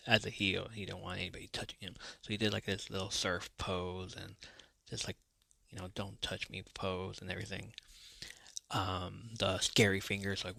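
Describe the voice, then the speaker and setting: A man hosts a podcast, chatting fondly and easily about childhood memories. His voice is low and gravelly with a bright, forward edge. The sound is dry and close. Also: dry recording. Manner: nostalgic, chatty, laughs easily. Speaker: podcast host. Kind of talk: casual podcast monologue.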